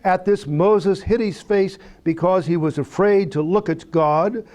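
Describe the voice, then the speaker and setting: Animated male Bible teacher. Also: sits high, measured pace. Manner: conversational, asks rhetorical questions; animated, reads scripture aloud. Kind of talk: Bible study lecture.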